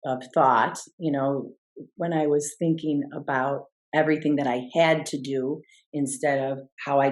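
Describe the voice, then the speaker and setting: Low-voiced woman telling a reflective story. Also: darkish tone. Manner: reflective, slows down to stress key words. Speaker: guest, former swimmer and mindset coach. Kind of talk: storytelling in a podcast interview.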